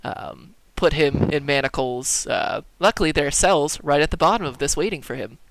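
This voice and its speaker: A man's voice: a little high, moderate pace, creaky, noisy background. A man narrating as game master for a tabletop game, casual and laid-back, with plenty of ums.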